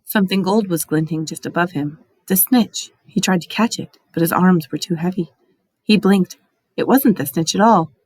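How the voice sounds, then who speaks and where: Expressive woman reading a story aloud. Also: lowish voice, normal speed, husky, no room sound. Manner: expressive, dramatic. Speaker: audiobook reader.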